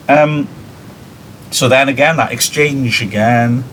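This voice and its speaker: A man's voice: mid-range voice, animated, moderate pace, slight background noise. A man from the United Kingdom, a teacher, reading a play aloud to his class and adding chatty, wry, self-mocking commentary.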